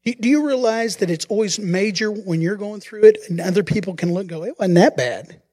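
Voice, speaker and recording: A pastor preaching a sermon, telling the story in an animated way and acting out the quotes. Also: male voice, high-pitched, brisk.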